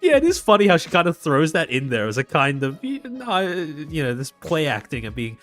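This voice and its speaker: A man's voice: a little high, big pitch swings, normal speed, fairly bright tone, dry recording, faint music behind. A man with an Australian accent, hosting a live stream and giving sardonic, rambling commentary. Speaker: streamer host.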